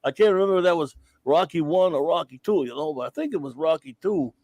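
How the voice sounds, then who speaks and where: A man doing a comic impression of a punchy, slow-witted boxing champ who mumbles and halts. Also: on the high side, expressive, darkish tone, no room sound. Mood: dopey. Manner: mumbling, halting, drawling.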